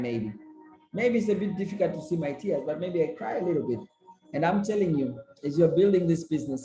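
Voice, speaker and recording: A man's voice: on the high side, warm tone, roomy sound, poor audio. A man giving a motivational business training talk, repeating key lines emphatically to encourage his listeners.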